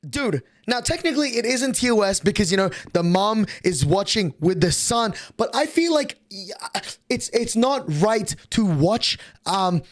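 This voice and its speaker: A young man with a high, bright voice tells a story on his stream, swearing freely and slipping into little voices for the people in it. He talks close to the mic, and the sound is dry and tight with no room around it. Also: normal speed, dry recording. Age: young adult. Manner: excitable, profane storytelling with voiced quotes.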